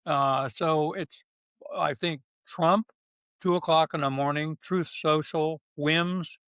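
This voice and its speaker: A man's voice: fairly high pitch, fairly even intonation, takes it slowly, fairly bright tone, smooth, no room sound. An older man, a retired general, speaking bluntly and emphatically in an interview, with short punchy phrases. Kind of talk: candid interview talk.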